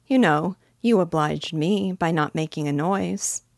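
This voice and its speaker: A woman's voice: lowish voice, unhurried, creaky, darkish tone, no room sound, clean studio sound. A woman voicing an earnest, polite little girl who speaks primly. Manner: prim and polite.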